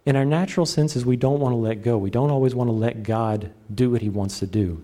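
A middle-aged man preaching a sermon, animated and joking, acting out his own prayers. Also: mid-range voice, a little fast. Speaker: pastor.

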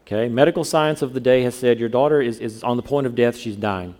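A man's voice: mid-range voice, fast talker, a little mellow. A man from the southern United States preaching a sermon in a conversational way, often asking his listeners questions. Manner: conversational, asks the congregation questions. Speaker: pastor.

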